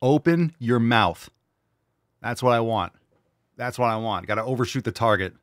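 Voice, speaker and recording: A man's voice: mid-range voice, fairly even intonation, brisk, fairly bright tone, no echo. Sarcastic guy reacting to clips, cusses a lot, dry close sound. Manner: profane, blunt, sarcastic. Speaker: show host. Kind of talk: casual reaction commentary.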